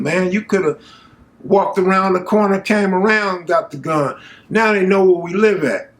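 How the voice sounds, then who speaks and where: A man with a high voice shares a true personal story in an animated, relaxed style. He leans on street slang and keeps turning to address the viewer.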